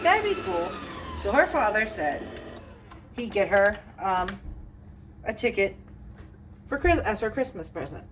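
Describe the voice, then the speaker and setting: A young woman rambles through a storytime while she bakes in her home kitchen. She talks in a chatty, loose way, with lots of "like" and "you know". The recording has clear background noise throughout. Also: medium pitch. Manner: chatty, rambling, many fillers. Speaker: vlogger. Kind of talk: casual storytime while baking.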